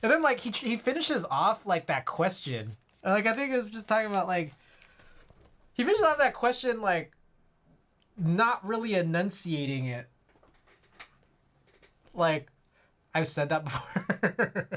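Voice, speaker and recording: A man's voice: high-pitched, very animated, measured pace, pauses often, fairly bright tone. A man chatting casually on a live stream while he works on a keyboard build. He rambles, fills his talk with "like", and chuckles often. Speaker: livestreamer. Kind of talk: casual livestream chat while working.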